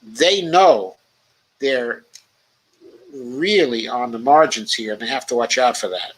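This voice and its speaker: Slow-talking man reading live chat. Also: medium pitch, breathy edge, poor audio. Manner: reads chat comments aloud, then remarks on them, with many "um" fillers. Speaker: livestream host reading viewer comments. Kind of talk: casual political commentary livestream.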